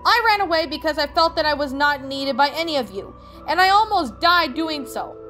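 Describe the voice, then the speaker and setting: A woman's voice: high voice, expressive, moderate pace, sharp tone, soft background music, pitched above the performer's own voice. A woman voicing an upset young male puppy in a fan fiction reading, with a raised, emotional delivery. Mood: angry.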